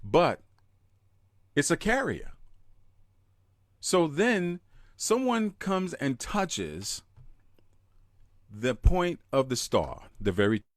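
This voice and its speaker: A man hosts a live podcast in an emphatic, unhurried way, his pitch rising and falling widely. His voice is dry and close, with no room sound, and he stops to greet listeners in the chat by name. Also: very animated, dry recording. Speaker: podcast host.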